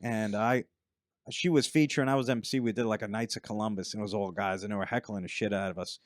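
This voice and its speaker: A man's voice: fairly low pitch, fairly even intonation, quick pace, no echo, studio quality. A middle-aged man, a stand-up comedian, telling long rambling anecdotes in a casual chat and acting out other people's lines. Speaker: stand-up comedian, podcast guest.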